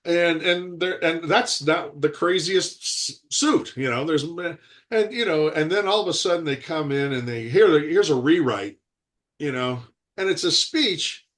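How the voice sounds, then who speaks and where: A man's voice: fairly high pitch, measured pace. Man in his sixties, rambling storyteller. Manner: rambling, animated storytelling with frequent laughter. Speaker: actor, interview guest. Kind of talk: casual video-call interview. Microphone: video call.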